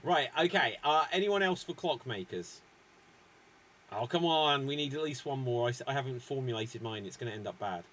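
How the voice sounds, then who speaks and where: A man's voice: medium pitch, animated, normal speed, fairly bright tone. A man hosting a live improv comedy show, explaining game rules in a chatty way.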